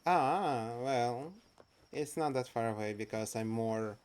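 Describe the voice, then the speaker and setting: Russian-accented man streaming, halting speech. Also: mid-range voice, darkish tone, smooth. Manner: halting, searching for words, laughing and swearing. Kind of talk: casual live game commentary.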